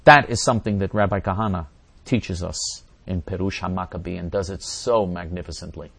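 Male religious teacher, low register, fervent delivery, dramatic quoting. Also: a little fast, vocal fry, fairly bright tone, breathy edge, dry recording. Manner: intense, repeats phrases, quotes voices dramatically. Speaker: religious teacher answering viewers.

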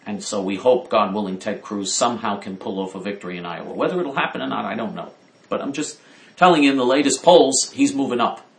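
A man's voice: on the low side, fast talker, vocal fry, roomy sound. A man giving opinionated political commentary, indignant and emphatic, repeating his points.

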